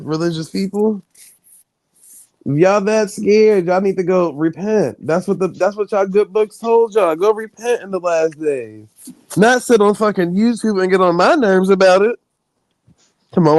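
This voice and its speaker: A man's voice: high voice, normal speed, darkish tone, dry recording. A man hosting a casual livestream, ranting bluntly and profanely about a panel discussion. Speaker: stream host.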